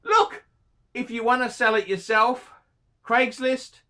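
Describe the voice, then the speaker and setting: Brief: Australian man, watch reviewer, blunt profane ranting, bright forceful tone. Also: high voice, lively intonation, a little slow. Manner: blunt, heavily profane, scolding. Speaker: watch reviewer answering a viewer. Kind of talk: unscripted paid review rant.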